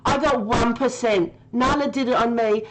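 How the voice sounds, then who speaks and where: A woman with a somewhat high voice streams a game live, keeping a steady tone at a normal speed while she giggles, laughs often, and talks to her chat viewers by name. The recording is low quality, with a little hiss or hum.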